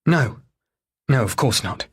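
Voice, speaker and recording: A man's voice: mid-range voice, animated, slow, slightly rough, pitched above the performer's own voice, heavily acted. A man voicing a strained, anxious young wife in an audiobook, pleading and tense. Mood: evasive. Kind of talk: audiobook dialogue.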